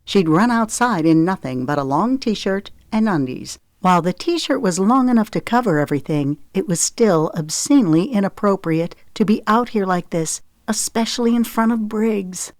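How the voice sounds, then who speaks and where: A woman narrating an audiobook in a measured, expressive reading voice. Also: medium pitch, no echo, studio quality.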